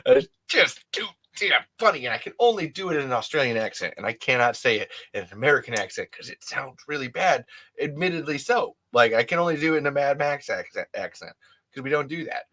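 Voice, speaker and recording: A man's voice: mid-range voice, expressive, fast, a bit bright. A man hosting a podcast, talking alone in a rambling, candid way and often restarting his sentences. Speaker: podcast host. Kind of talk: casual solo monologue.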